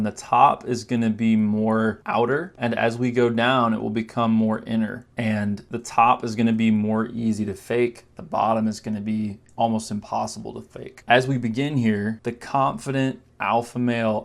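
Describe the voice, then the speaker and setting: A man of ordinary middle pitch speaks straight to the camera as a coach on confidence. His delivery is casual and explanatory. He breaks in now and then with quick demonstrations. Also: vocal fry. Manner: conversational, explains with quick demos and mock voices. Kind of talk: direct-to-camera coaching talk.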